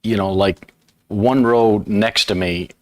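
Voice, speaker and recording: A man hosting a casual live chat and telling a story, trailing off softly at the ends of thoughts. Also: on the low side, fairly even intonation, slow pace, no echo. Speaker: host.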